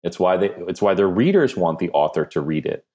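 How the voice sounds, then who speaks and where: A man with a New Jersey accent, a podcast guest giving animated, self-deprecating answers in casual conversation. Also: low-pitched, a little fast. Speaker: podcast guest, brand strategist.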